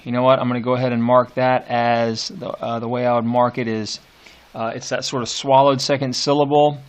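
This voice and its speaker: A man teaching a poetry lesson, unhurried and hesitant, full of fillers, reading verse lines slowly and deliberately. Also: mid-range voice, flat delivery, smooth. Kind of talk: classroom lecture on poetry.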